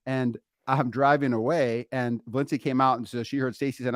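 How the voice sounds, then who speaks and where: Middle-aged dad co-host, chatty animated storyteller, mid-range voice, dry booth sound. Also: male voice, mid-range voice, fast, dry recording. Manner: animated, laughing storyteller, acts out quotes. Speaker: podcast co-host, father. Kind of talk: casual storytelling chat.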